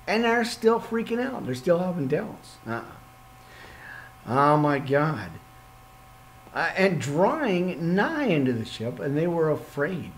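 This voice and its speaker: A man leading an informal Bible study podcast, reading scripture aloud and breaking off into excitable, jokey asides. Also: a little high, normal speed, a little hiss or hum, low-quality recording. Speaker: podcast preacher.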